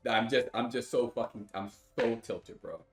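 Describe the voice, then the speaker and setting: In a mid-range voice at normal speed, a young streamer vents to his chat with profanity and exasperated, heavy sighs. The sound is roomy and echoey, with faint music playing.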